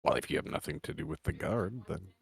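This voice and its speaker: A man's voice: very deep voice, lively intonation, quick pace, creaky, breathy edge, no echo. A man running a tabletop game as game master, talking in a laid-back, persuasive way. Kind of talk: tabletop role-play narration.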